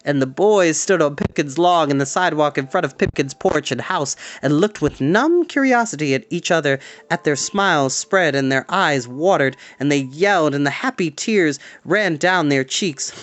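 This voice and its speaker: A man reading a storybook aloud as a storyteller, expressive and dropping to a hush at tense moments. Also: fairly high pitch, normal speed, hardly any pauses.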